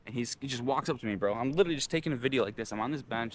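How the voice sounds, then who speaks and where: A young man vlogging, telling a frustrated, swear-filled story in an animated, ranting way. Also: mid-range voice, very fast, a little hiss or hum.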